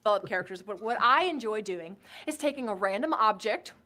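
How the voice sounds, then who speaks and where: A woman's voice: medium pitch, expressive, brisk, bright, forceful tone, a little hiss or hum. A woman in a played video giving earnest acting tips as a tutorial. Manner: earnest and instructive. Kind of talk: tutorial talk to camera.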